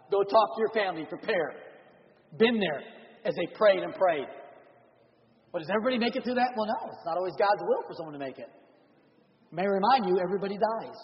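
High-voiced pastor preaching in a reverberant church. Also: male voice. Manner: animated preaching, jumps between loud and hushed. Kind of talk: revival sermon. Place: church sanctuary. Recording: dull audio with long church reverb.

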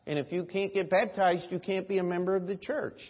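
A man pastor preaching a sermon, swinging between loud emphatic lines and quiet asides, telling folksy stories. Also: high voice, steady tone, fairly quick. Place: church sanctuary. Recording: echoey church hall, dull lo-fi audio.

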